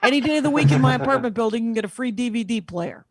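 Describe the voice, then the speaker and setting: Blunt retired salesman in his eighties, done by a woman comic, gruff and matter-of-fact, in a high, lively voice. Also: rapid-fire, no room sound, clean studio sound. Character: blunt 83-year-old retired siding salesman father.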